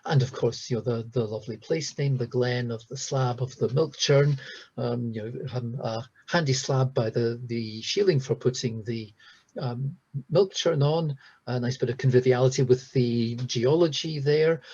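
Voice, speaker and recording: A man giving a recorded lecture, talking hesitantly with many pauses and restarts. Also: mid-range voice, a little mellow, slightly rough. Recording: dull lo-fi sound.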